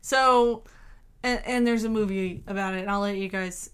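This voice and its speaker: A woman co-hosting a podcast in casual chat, teasing and quick with exclamations. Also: mid-range voice, steady tone, a bit bright, smooth. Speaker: podcast co-host.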